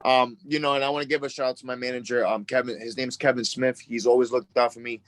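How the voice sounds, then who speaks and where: Young man from massachusetts, twenties, rambling eager storyteller, fillers, mid-pitched, dry close mic. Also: flat delivery, fast talker, no echo. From Worcester, Massachusetts. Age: 20s. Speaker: boxer guest. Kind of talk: casual interview chat.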